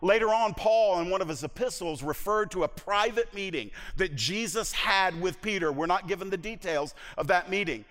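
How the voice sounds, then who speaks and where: A man's voice: sits high, lively intonation, moderate pace, hardly any pauses, a bit bright, long reverb tail. A male pastor preaching a sermon, retelling a Bible story dramatically and acting out its voices.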